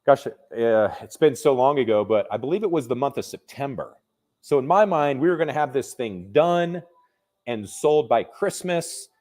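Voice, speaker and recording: Man, mid-pitch, real estate investor, casual storyteller, conversational with fillers. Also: expressive, normal speed, a little mellow. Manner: conversational, restarts and fillers, vivid retelling.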